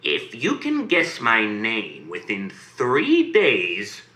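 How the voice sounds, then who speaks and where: A man voicing a sly, greedy male imp in a bedtime fairy tale, dropping to a low menacing hush, recorded in an echoey room. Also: huge pitch swings, extremely slow, far from the mic, exaggerated voice. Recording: roomy echo.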